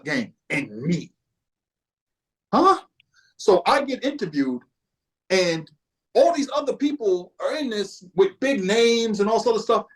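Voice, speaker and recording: A man's voice: sits high, low-quality recording. A man from Boston, a guest on a podcast, telling a laid-back, profane story in casual conversation. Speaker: podcast guest, music historian.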